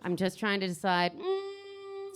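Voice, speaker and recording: A woman's voice: fairly high pitch, very animated, a little slow. A young Canadian woman doing stand-up crowd work in a comedy club basement, teasing the audience and swearing freely.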